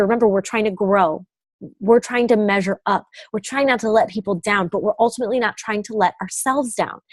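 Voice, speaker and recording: A woman's voice: on the high side, dry recording. A young adult woman coach giving an upbeat, emphatic motivational talk. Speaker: business coach.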